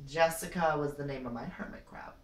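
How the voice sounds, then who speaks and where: A woman's voice: low voice, a little fast, darkish tone. A young woman improvising a comic story time, rambling and dramatic, with lots of "like" and "you know". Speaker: vlogger. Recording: roomy, distant from the mic.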